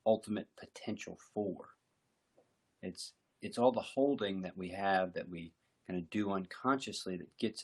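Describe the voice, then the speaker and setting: Husky, gravelly man, lowish voice, guided mindfulness talk, slow and reflective. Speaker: meditation teacher.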